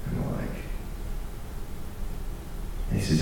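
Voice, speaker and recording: With slight background noise, a young man's mid-range voice moves a little fast as he tells a story in a sermon to students. He's earnest, self-deprecating, laughs at himself, and repeats and restarts words as he warms up. He's heard from a distance in a large, very echoey room full of students.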